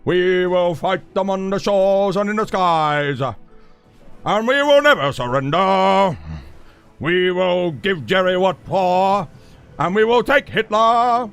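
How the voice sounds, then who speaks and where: A man's voice: high voice, animated, slow, vocal fry, fairly bright tone, smooth, faint music behind, exaggerated voice. A man voicing an old British wartime leader who gives a grand, defiant speech. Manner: grand, rousing, oratorical.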